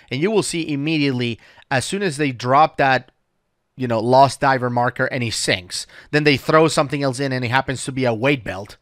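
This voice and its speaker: A man's voice: medium pitch, a bit bright, dry recording, clean studio sound. A man hosting a dive talk show, patiently explaining things step by step in a casual chat. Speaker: dive instructor and podcast host.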